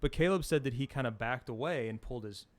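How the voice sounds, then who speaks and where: A middle-aged man co-hosting a podcast in casual chat, rambling through an animated story with plenty of fillers. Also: medium pitch, fast, no room sound. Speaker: podcast co-host.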